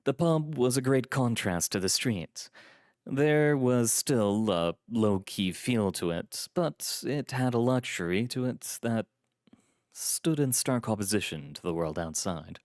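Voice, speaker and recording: A man reading a first-person story aloud in a calm, measured storytelling manner. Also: mid-range voice, dry recording, clean studio sound. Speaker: story reader.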